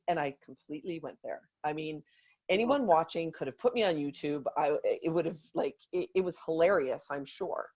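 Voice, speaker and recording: Woman in her 40s, low voice, lively pitch, motivational storytelling, dull lo-fi recording. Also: moderate pace. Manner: animated storytelling, acts out quotes. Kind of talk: motivational talk.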